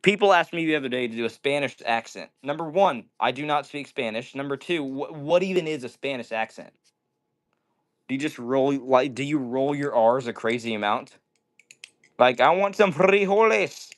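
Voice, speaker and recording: Speaking at normal speed in a mid-range voice, a man runs a relaxed indoor livestream. He reads comments from his viewers aloud and jokes around.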